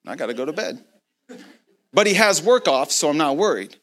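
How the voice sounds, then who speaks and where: A man preaching a sermon, telling a story in an animated way and acting out both sides of the conversation, with laughs along the way. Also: fairly high pitch, a little fast.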